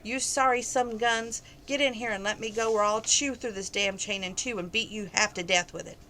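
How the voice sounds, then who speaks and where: A woman's voice: mid-range voice, fairly even intonation, normal speed, pushed and bright, slight background noise, natural voice. A woman reading aloud, voicing a fierce chained captive woman who threatens her kidnappers. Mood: furious. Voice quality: threatening, taunting.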